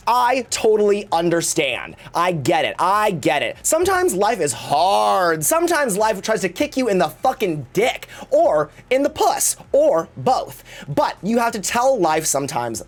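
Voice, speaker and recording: A man's voice: high voice, very animated, a little slow, hardly any pauses. A man streaming live, chatting casually in a campy, theatrical way and swearing freely.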